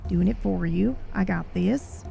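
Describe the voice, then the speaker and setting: Gravelly-voiced woman running a horror game. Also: on the low side, soft background music. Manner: animated, quick to exclaim. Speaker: game master. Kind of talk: narrating a tabletop horror game.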